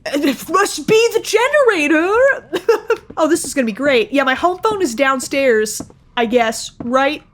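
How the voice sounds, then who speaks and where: High, bright-voiced excitable woman streamer. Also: measured pace, slight background noise. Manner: excitable, swearing, shrieking, laughing. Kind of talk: casual horror game commentary. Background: faint game music.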